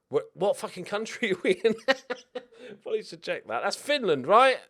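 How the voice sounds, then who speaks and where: A young man giving excitable, jokey let's-play commentary with frequent swearing while talking to himself. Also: high voice, measured pace. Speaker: video game streamer.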